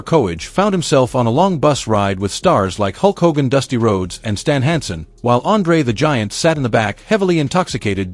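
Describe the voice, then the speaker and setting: A man's voice: mid-range voice, no echo. A man giving scripted documentary narration, building suspense. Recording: dry voice-over over music.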